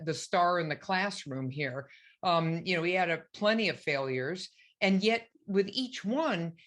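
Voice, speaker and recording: A woman doctor talking as a podcast guest, emphatic and encouraging, acting out other people's thoughts as she speaks. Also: on the low side. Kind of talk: animated conversational advice.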